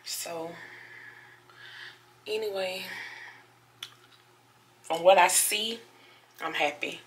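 A woman's voice: on the low side, steady tone, drawn-out words. A woman chatting straight to the camera in a hotel room, sore and recovering after surgery. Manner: chatty, talks straight to viewers as y'all. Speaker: vlogger. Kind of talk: casual vlog talk to camera.

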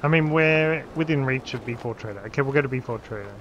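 A man's voice: mid-range voice, fast, a bit bright, dull audio. A man streaming a survival game, chatting casually and joking, often trailing off mid-sentence, with faint noise behind. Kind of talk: casual gaming chat.

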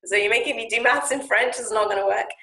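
Woman telling a lively story. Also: on the high side, fast. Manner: lively, animated retelling with acted-out quotes. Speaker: Japanese speaking coach and founder. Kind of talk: casual storytelling talk. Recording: echoey room.

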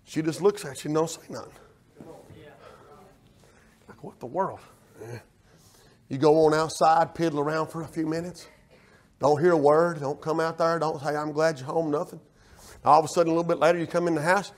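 A man preaching a sermon as pastor, telling folksy stories in a loud, animated way. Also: on the high side, a little fast, long pauses.

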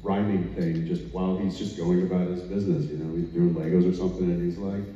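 A man's voice: sits low, level tone, fast, dark tone. A man on a convention panel chatting in a wry, joking way with hesitant restarts. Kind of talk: casual chat. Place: convention hall stage. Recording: echoey hall from far off, dull.

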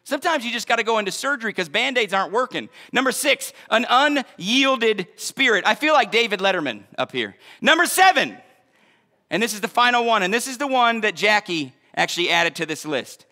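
A man preaching a sermon as pastor, in an energetic, conversational way with joking asides. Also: sits high, brisk, hardly any pauses, long reverb tail.

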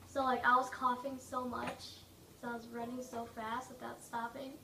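A woman giving casual, rambling gameplay commentary, joking and mocking herself, her throat a little rough from coughing. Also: fairly high pitch, level tone, normal speed, far from the mic. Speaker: gaming video maker. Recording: echoey room, away from mic, faint noise.

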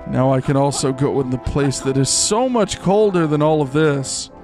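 Goofy, excitable young man streaming a game. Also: a little high, moderate pace. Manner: goofy, excitable, rambling with many "like"s. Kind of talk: live gameplay commentary. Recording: faint game music behind.

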